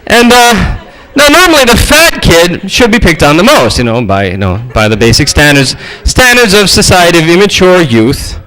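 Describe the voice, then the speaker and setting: A male preacher giving a storytelling sermon, animated and acting out the voices in his stories. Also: sits high, moderate pace, few pauses, rough recording.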